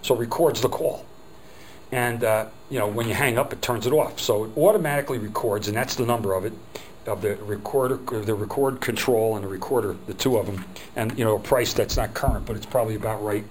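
A man's voice: lowish voice, fairly quick, a little hiss or hum, poor audio. A middle-aged man teaching a phone skills workshop, talking in a chatty, rambling way and acting out little quotes.

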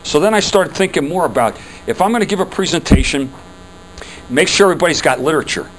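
A man's voice: fairly high pitch, animated, fast talker, fairly bright tone, a little hiss or hum, low-quality recording. An older man giving a casual presentation to a room of business customers, telling chatty stories and putting asides to the audience.

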